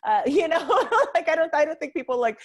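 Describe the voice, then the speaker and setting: A woman's voice: sits high, fast. Chatty laughing woman, Boston accent. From United States. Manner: animated, laughing, lots of "like" fillers. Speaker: podcast co-host. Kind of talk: casual live podcast chat.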